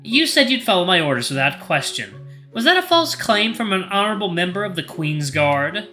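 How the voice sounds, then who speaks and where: A man's voice: sits high, big pitch swings, brisk, sharp tone, soft background music, voice pushed up, heavily acted. A man voicing a stern, regal lioness queen who speaks in a cool, formal, commanding way.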